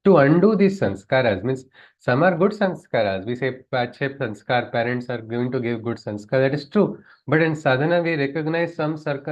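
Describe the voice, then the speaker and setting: This spiritual teacher, whose voice is a little high, leads a scripture class in a chatty way, asking his audience questions and chuckling often. The lecture is captured on a muffled recording.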